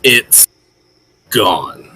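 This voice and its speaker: Man as giant guard, stern, accusing, clipped lines, slow delivery. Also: sharp tone, full character voice, low-quality recording. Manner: curt, accusing, short clipped sentences.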